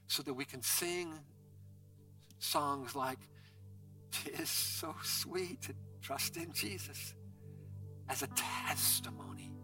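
Pastor praying slowly over music. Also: male voice, mid-range voice, distant mic. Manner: earnest, pleading, repeats phrases. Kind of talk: sermon closing prayer. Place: church sanctuary. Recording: music playing behind, from off the mic.

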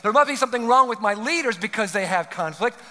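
A man's voice: high-pitched, lively intonation, fast, sharp tone. A male pastor preaching a sermon, earnest and pleading, pressing his points with rising emphasis. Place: large church hall. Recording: long hall reverb.

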